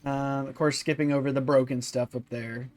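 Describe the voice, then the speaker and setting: A man's voice: medium pitch, level tone, normal speed, darkish tone. A man hosting a let's-play video, rambling and thinking aloud with many fillers. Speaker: gaming channel host.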